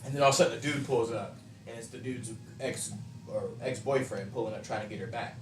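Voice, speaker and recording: A man's voice: mid-range voice, quick pace, faint music behind. A man co-hosting a casual chat, animatedly retelling a story with swearing and laughter. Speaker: co-host. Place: room during a painting stream. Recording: roomy, distant mic, faint noise.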